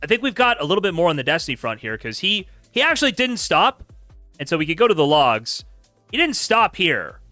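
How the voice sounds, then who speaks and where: Animated, incredulous male streamer. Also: high voice, fairly quick, no room sound, faint music behind. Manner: sarcastic, incredulous, laughing. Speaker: streamer host. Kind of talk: casual commentary reading chat logs aloud.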